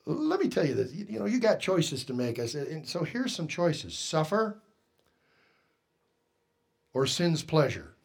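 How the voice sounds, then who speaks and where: A man preaching a sermon in a church as pastor, swinging between loud emphasis and hushed tones and putting questions to the congregation. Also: fairly high pitch, wildly swooping pitch, measured pace, gravelly, long pauses, slightly rough.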